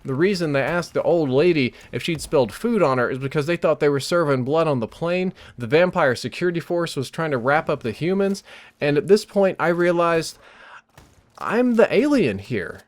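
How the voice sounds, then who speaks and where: A man recounting a vivid dream as an animated, breathless story over gameplay footage. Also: a little high, fairly quick. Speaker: gaming YouTuber.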